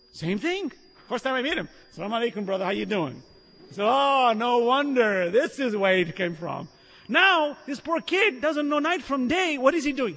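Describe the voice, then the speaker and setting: A man preaching in a lively storytelling way, acting out the people in his stories and laughing along as he goes. His voice is high for a man and husky. It rings out with the long reverb of a large hall. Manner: animated storyteller acting out quotes, laughing often. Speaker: Islamic preacher. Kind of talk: sermon with storytelling.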